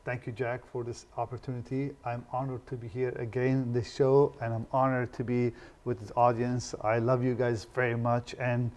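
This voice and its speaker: A man's voice: mid-range voice, flat delivery, moderate pace, few pauses, darkish tone. A man appearing as a guest on a talk show, speaking earnestly and passionately. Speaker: guest activist.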